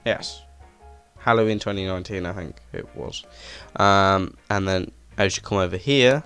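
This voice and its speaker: This gaming creator's low-pitched, resonant voice is clear and fairly bright, moving at a moderate pace with faint music in the background. His casual walkthrough commentary rambles enthusiastically and is full of "um"s and "like"s, recorded on a desk microphone with a headset.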